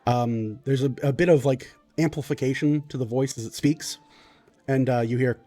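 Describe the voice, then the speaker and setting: Mellow-voiced male game master. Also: medium pitch, normal speed, faint music behind. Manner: descriptive narration with frequent ums and restarts. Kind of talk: narrating a tabletop game.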